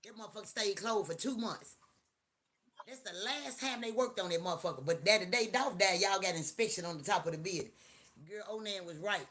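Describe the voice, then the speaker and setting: A middle-aged woman hosting a live stream, talking in a loud, profane, joking rant. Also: mid-range voice, expressive, fairly quick. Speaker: livestream host. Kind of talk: casual live-stream chat.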